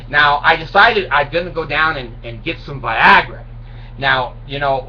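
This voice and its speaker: A video blogger, a man in his sixties, pokes fun at himself in a meandering comic story told to camera. His voice runs on the high side with a sharp edge. The sound is a dull, distant home recording with a light hiss.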